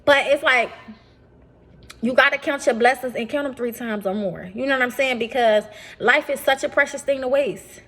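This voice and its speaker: A young adult woman talks straight to her viewers in a casual vlog. Her voice sits a bit high. She is animated, keeps repeating her points, and keeps calling her audience y'all. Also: normal speed. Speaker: vlogger. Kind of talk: casual talk to camera.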